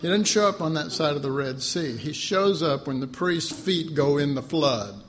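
A man's voice: fairly high pitch, normal speed. A man preaching a conversational sermon in a folksy way, laughing often and acting out the voices he quotes.

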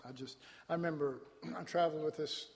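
A man's voice: a little high, steady tone, brisk. Man preaching in an echoing church hall. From Dallas, Texas. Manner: folksy storytelling, colloquial, with laughs and asides. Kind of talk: sermon. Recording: long hall reverb.

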